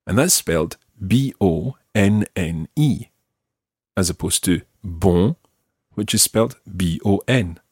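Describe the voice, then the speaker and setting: A Scottish man leads a language lesson in a husky, low voice. He shapes each French word slowly and carefully so it can be repeated back. The sound is dry and close. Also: lively intonation, darkish tone, no room sound. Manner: slow, careful modelling of French words for repetition. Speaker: language teacher.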